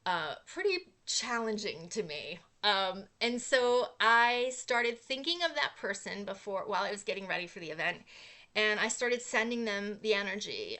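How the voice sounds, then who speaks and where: A woman's voice: a little high, moderate pace. A middle-aged woman hosting a casual inspirational talk, telling a personal story earnestly, with fillers. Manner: earnest storytelling with fillers, animated when acting out quotes. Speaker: host.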